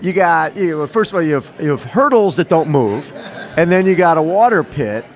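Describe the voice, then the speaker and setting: Man, interview host, lively intonation, slightly high voice, enthusiastic, outdoor expo. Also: normal speed. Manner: enthusiastic, colorful questions. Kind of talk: casual interview chat.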